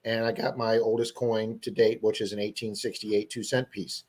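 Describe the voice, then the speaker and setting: A man co-hosting a livestream, telling an animated story to his viewers in a casual chat. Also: fairly low pitch, moderate pace, husky. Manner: animated storyteller who acts out quoted people. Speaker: livestream co-host.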